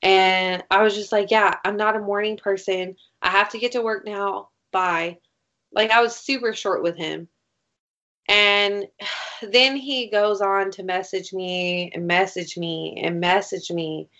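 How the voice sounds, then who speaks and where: A woman's voice: mid-range voice, steady tone, a little slow, fairly bright tone. Young woman rambling through a story, lo-fi. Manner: rambling, frequent "like", swears. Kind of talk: casual chat. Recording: dull lo-fi recording.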